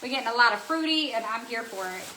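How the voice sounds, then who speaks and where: Bubbly bright-voiced woman streaming live. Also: fairly high pitch, quick pace, a little hiss or hum, poor audio. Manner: bubbly, excitable, chatty with viewers. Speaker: craft shop owner. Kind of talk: live stream product showing.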